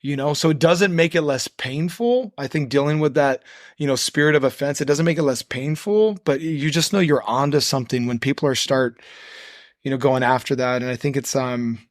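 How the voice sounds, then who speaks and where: Male podcast guest, middle pitch, dead-dry studio sound, earnest sermon-like riffs. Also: dry recording. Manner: earnest, preachy, rapid run-on phrasing. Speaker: guest, nonprofit co-founder. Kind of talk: conversational podcast interview.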